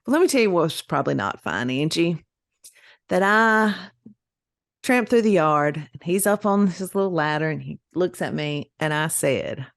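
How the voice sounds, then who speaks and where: A middle-aged woman, co-hosting a podcast and telling a story in casual chat, animated and laughing as she acts out the voices she quotes. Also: deep voice, normal speed, no room sound, studio quality. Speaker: podcast co-host.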